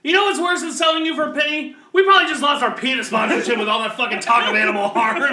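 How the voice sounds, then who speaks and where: A man's voice: extremely high pitch, expressive, a little fast, reverberant, distant mic, heavy background noise. Cursing young man, off-mic. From Midwest. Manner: joking, cursing, laughing. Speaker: podcast host. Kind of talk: crude casual chat.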